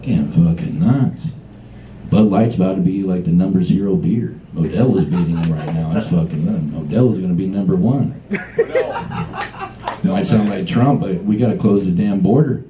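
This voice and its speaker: A man's voice: low-pitched, fairly quick, warm tone. Profane young man doing stand-up. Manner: profane, rambling, riffing with the crowd. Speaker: stand-up comedian. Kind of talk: live stand-up comedy set. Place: small bar venue with a live audience. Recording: echoey room with crowd noise.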